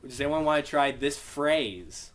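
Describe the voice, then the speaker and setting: A man's voice: on the high side, animated, unhurried. A young man teaching a casual beginner Greek class, explaining patiently and asking his students for questions. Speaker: Bible study Greek teacher.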